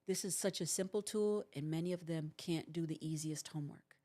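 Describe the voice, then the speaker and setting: A woman's voice: low-pitched, fairly quick, mellow. A woman in her forties, a host and counselor, giving earnest relationship advice on a livestream and acting out what couples say. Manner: earnest, coaching, acts out couples' lines.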